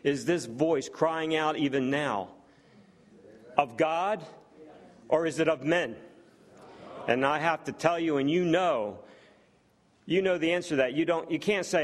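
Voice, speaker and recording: A man's voice: on the high side, measured pace. A man preaching a sermon, reading scripture aloud and putting rhetorical questions to the congregation. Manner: reads scripture aloud between remarks.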